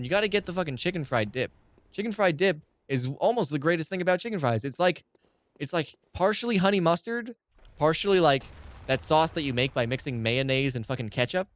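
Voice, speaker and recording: A young man rambling and swearing freely through casual commentary while playing a game. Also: fairly high pitch. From United States. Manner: rambling, profane, excitable ranting. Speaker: let's play streamer.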